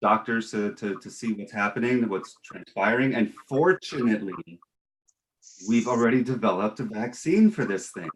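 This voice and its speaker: A man's voice: lowish voice, moderate pace, slight background noise, rough recording. A man playing a fake doctor on a satirical talk show, speaking in a mock-serious, pompous way and rambling with frequent restarts.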